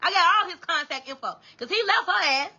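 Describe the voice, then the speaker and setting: High, bright-voiced woman telling a story. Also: expressive, fairly quick, dull audio. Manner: profane, blunt and emphatic, with many restarts. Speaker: storytime vlogger. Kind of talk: casual storytime chat to viewers.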